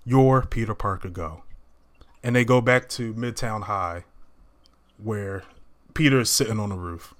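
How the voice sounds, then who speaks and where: A man casually retelling a movie scene by scene to friends, acting out the characters' lines. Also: mid-range voice. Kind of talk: casual movie recap chat.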